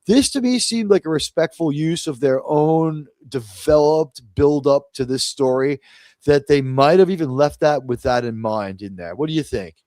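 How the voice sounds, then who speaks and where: A man with a fairly high voice hosts a casual live review stream. He rambles through his points with plenty of fillers and restarts. His voice sits close and dry on the mic, with no room around it. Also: moderate pace, dark tone, no room sound. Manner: rambling, many restarts and fillers, quotes others in mock voices. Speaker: host of a live review show.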